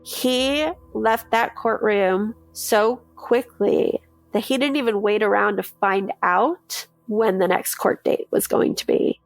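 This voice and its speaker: A woman's voice: a little high, no echo. A woman, a mother, telling her own story in a podcast, candid and emotional, acting out the lines of the people she talks about. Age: adult, mother of a daughter. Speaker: interviewee recounting her experience. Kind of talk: personal testimony in a true-crime podcast.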